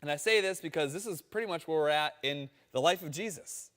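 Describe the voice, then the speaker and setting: A man preaching a sermon, telling a story with animated quoted voices. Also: fairly high pitch, a little fast, long reverb tail. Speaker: pastor.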